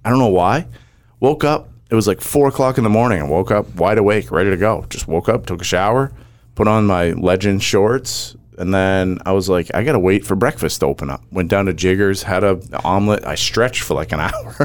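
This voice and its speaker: A man in casual chat, animatedly recounting a match shot by shot. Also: low voice. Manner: animated storyteller, rapid play-by-play recounting.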